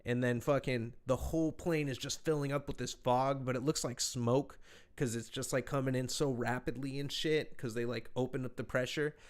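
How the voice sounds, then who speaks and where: A man's voice: mid-range voice, steady tone, moderate pace. A man telling a rambling, profane travel story in casual podcast chat. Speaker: podcast host.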